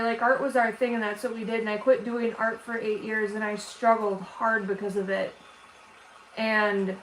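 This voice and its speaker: A woman hosting a casual art livestream for her viewers, tearful, talking in a halting, emotional way with many restarts. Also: a little high, fairly bright tone. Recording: roomy echo with faint background noise.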